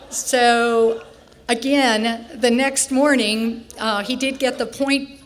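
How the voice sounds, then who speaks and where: A woman's voice: on the high side, fairly even intonation, slow pace. An older woman telling a funny personal story on stage before an audience, wry and self-mocking, laughing now and then.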